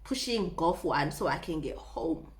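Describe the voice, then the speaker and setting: A young woman tells a story to her viewers in a lively, swooping voice. She talks dramatically and keeps addressing her audience. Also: sits low, unhurried. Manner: animated, dramatic, mixes in Setswana phrases. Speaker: vlogger. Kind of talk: casual storytime.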